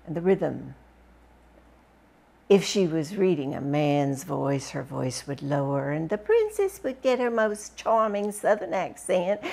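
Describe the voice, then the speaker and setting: A woman reading a first-person memoir aloud with expressive, dramatic storytelling. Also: fairly low pitch, vocal fry. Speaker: book reviewer reading aloud.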